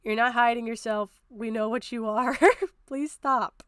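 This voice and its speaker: A woman streamer tears into a video in a blunt, swearing rant. Her voice sits a bit high and comes through smooth and clear. The recording is close and dry. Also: fairly even intonation, unhurried, fairly bright tone, dry recording. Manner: blunt, swearing, ranting, mocking impressions. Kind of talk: profane livestream commentary.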